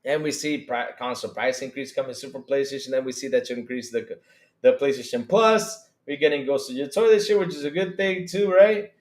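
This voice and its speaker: A man hosting a live-stream gaming podcast, loud and excitable, swearing often. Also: mid-range voice, brisk. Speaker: podcast host. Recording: roomy echo.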